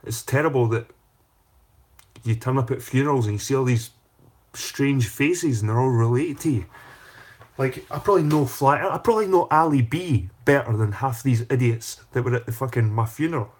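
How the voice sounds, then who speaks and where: A man's voice: mid-range voice, normal speed, darkish tone. A man hosting a casual livestream, talking in a profane, rambling way and repeating his phrases. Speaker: channel host.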